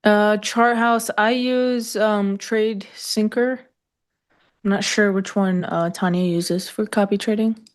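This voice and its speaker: A woman's voice: mid-range voice, steady tone, slow. A woman co-hosting a live trading show, chatting casually with dry sarcastic asides. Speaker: co-host.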